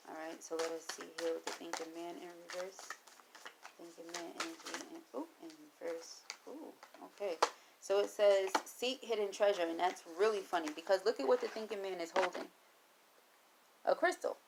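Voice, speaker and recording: A woman's voice: fairly low pitch, brisk, vocal fry, very noisy. A woman reading tarot cards for her viewers, who encourages them, talks to Spirit aloud and repeats her phrases like mantras. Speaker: tarot reader.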